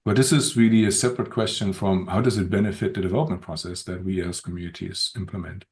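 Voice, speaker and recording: A man speaking as a podcast guest in an unscripted conversation, thoughtful and measured, with frequent pauses and restarts. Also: deep voice, steady tone, darkish tone. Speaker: podcast guest, open-source community director.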